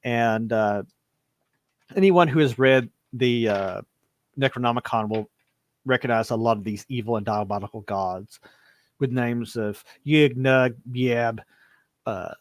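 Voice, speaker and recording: A man's voice: mid-range voice, unhurried, no room sound. A man narrating a tabletop horror game as game master, telling the story in a loose, improvised way. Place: home streaming setup.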